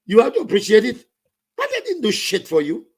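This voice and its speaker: Saint Lucian man, fiery political rant, raised pitch, gravelly edge. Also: wildly swooping pitch, brisk. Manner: ranting, switching into Creole and French. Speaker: political commentator.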